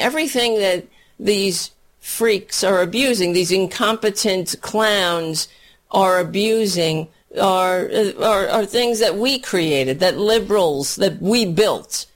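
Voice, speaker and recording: A hoarse woman doing a profane, scornful political rant on a livestream, often clearing her throat and laughing. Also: sits low. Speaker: political commentator.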